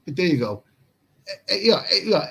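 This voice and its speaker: A man's voice: sits high, sing-song, brisk, creaky, pushed and bright, husky, low-quality recording. A man hosting a late-night livestream and reading chat comments in a casual, rambling way. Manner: rambling, repeats himself, chuckles at chat comments. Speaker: livestream host. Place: room in Pattaya at night.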